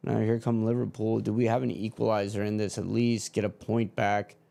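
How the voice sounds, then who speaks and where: A man calling a football match live as a fan. He shifts between flat calm and loud, swearing outbursts of frustration. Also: fairly low pitch, a little fast, creaky. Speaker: fan commentator on a match watch-along. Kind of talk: live play-by-play commentary.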